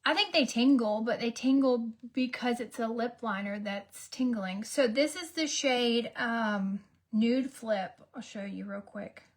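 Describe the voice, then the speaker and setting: A woman's voice: fairly high pitch, measured pace. A woman, chatting and joking through a makeup routine, sometimes dropping into whispers. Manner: chatty, self-mocking, drops into whispers for asides. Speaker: beauty vlogger. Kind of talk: casual get-ready-with-me chat.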